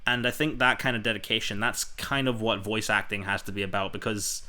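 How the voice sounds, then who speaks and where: A young man with a lowish voice and a bright, forceful tone hosts a casual chat. He rambles enthusiastically, stacking up fillers as he tells his stories. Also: level tone, brisk. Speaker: podcast host.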